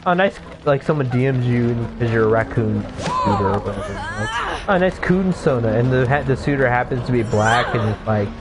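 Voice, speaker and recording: A young man talks casually over a video game session, rambling through his thoughts with constant fillers and swearing. His voice sits at an ordinary pitch for a man. Clear music plays underneath. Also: sing-song, normal speed. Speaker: gaming streamer. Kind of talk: casual chat while playing a game.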